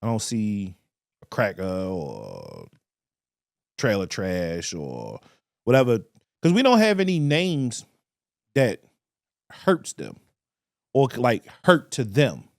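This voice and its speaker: A man, co-hosting a casual podcast and telling stories with animated quoted voices. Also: lowish voice, slow pace, creaky, long pauses, dry recording, studio quality. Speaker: podcast co-host.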